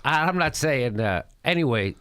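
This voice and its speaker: A man's voice: medium pitch, normal speed, clear, resonant tone, dry recording, clean studio sound. A middle-aged man hosting a show, chatting jokily and laughing as he comments on a video. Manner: jokey, animated, laughs often. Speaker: host. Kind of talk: casual comedic commentary.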